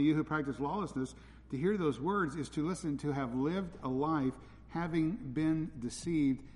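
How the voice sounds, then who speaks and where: A man's voice: a little high, a little mellow, a little hiss or hum. A man preaching a sermon as a pastor, blunt and direct in his delivery. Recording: reverberant hall.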